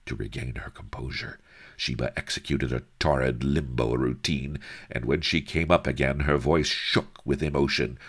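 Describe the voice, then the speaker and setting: A man narrating a mock-heroic adventure story in a wry, expressive reading style. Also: a bass voice, moderate pace, husky. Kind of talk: dramatic audiobook narration.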